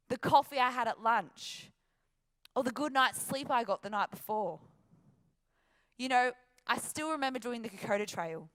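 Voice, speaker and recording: A woman's voice: fairly high pitch, fairly bright tone. An Australian woman giving an emphatic, upbeat motivational talk from a stage before an audience. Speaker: motivational speaker.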